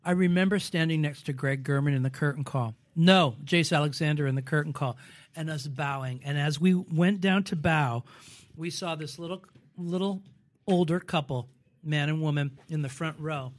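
A man in his sixties, a stage actor, telling animated stories in a casual interview and acting out the voices of people he quotes. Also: fairly high pitch, moderate pace. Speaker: guest actor.

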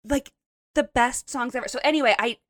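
A woman in her thirties co-hosting a casual podcast, gushing through stories with lots of "like", her voice a bit hoarse after a late night. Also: a little high, a little fast, a bit bright, no echo, studio quality. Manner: bubbly, gushing storyteller with lots of "like". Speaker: podcast co-host. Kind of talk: casual chat.

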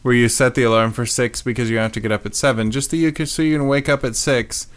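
A man co-hosting a podcast, chatting casually and telling animated, swear-laced stories about his dreams. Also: medium pitch, fast, no room sound. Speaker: podcast co-host. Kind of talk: casual chat.

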